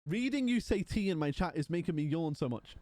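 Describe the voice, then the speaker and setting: Male streamer, a touch high-pitched, sleepy and rambling, bone-dry home desk-mic sound. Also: lively intonation, brisk, mellow, dry recording. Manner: chatty, rambling, yawning and tired. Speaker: livestreamer. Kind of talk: casual stream chat.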